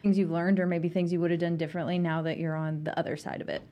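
A woman hosts a casual interview in a fairly low voice. She nudges her guest along with encouragement and frequent short affirmations. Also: flat delivery, fast, mellow. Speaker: podcast host.

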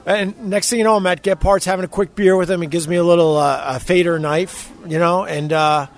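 A man telling a lively anecdote in a casual chat among friends. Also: high-pitched, fairly quick.

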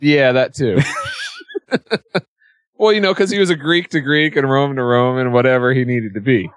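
A man's voice: medium pitch, normal speed, clean tone, dry recording. A man co-hosting a podcast, joking in casual chat. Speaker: co-host.

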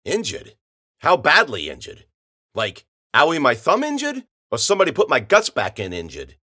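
A man's voice: a little high, wildly swooping pitch, moderate pace, bright, forceful tone, husky, exaggerated voice. A man voicing a brash, crude, wisecracking tough guy who curses a lot. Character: brash, foul-mouthed tough guy, male, century-old.

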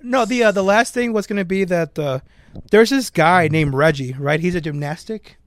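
A young man co-hosting a podcast, telling a story in a casual, animated way with jokey asides. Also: high-pitched, normal speed. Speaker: podcast co-host. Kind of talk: casual chat.

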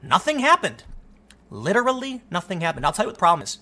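A man's voice: high-pitched, huge pitch swings, quick pace, sharp tone. A man hosting a political commentary show, reading a news article aloud and reacting with sarcasm and mocking impressions.

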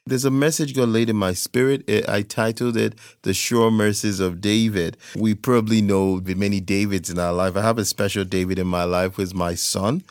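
A man's voice: on the low side, smooth, no room sound, clean studio sound. A man preaching a sermon, reading scripture aloud and repeating key phrases for emphasis.

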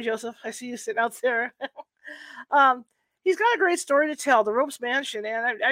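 A man's voice: very high voice, a bit bright, dry recording. A man hosting a live paranormal talk show, chatting casually with many fillers and restarts, laughing at himself. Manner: rambling, self-deprecating, lots of fillers and restarts. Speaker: podcast host. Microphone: home computer setup.

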